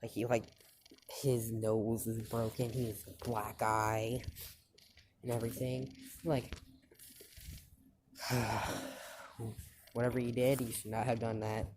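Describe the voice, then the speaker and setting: A woman's voice: extremely low pitch, little pitch movement, normal speed, noisy background. A woman telling a fan story in a casual, rambling way, full of fillers and restarts.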